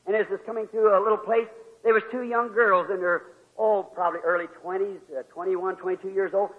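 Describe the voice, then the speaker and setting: Man preacher, folksy storytelling, muffled old tape. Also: high-pitched. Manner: folksy, swings from loud preaching to quiet storytelling. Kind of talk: revival sermon with storytelling. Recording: old lo-fi tape with long hall reverb.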